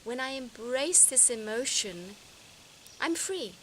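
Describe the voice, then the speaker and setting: A woman's voice: on the high side, animated, takes it slowly, a bit bright, poor audio. A woman speaking reflectively to her viewers in a personal vlog, earnest and searching, often restarting her sentences. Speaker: vlogger. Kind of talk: reflective personal talk to camera. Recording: outdoor noise behind voice.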